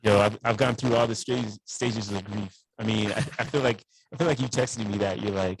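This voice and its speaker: A male teacher, on the low side in pitch, joins a podcast as a guest by video call from a school studio, chatting in a laid-back way and often saying "man." His voice is brisk and fairly even, with vocal fry, a breathy edge, and few pauses, on a rough recording with no room sound.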